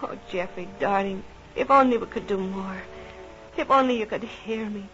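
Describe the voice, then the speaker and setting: A woman's voice: mid-range voice, normal speed, a bit bright, highs cut off, close to an everyday voice. An actress playing Kitty, a devoted, jealous young tavern woman, in an old radio drama. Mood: tender. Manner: fierce, jealous, emotional.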